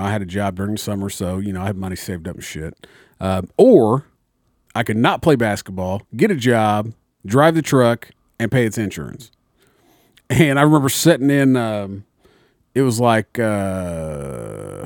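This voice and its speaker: A man's voice: fairly low pitch, a little mellow, no room sound. Young guy a bit buzzed, rambling and swearing thru a story, dry mic. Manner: rambling, profane storyteller, acts out voices. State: slightly tipsy. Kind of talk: casual chat.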